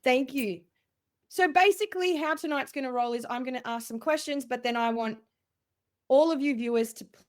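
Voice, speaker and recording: A woman hosts a video-call panel discussion with an upbeat, effusive manner. Her voice is fairly high. She keeps the conversation moving warmly. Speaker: host.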